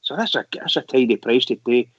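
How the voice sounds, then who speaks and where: A man's voice: medium pitch, a little fast, dry recording. A man hosting a fan call-in radio show, teasing his guests and laughing a lot. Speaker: radio host. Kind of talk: casual chat. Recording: dry, dull lo-fi audio.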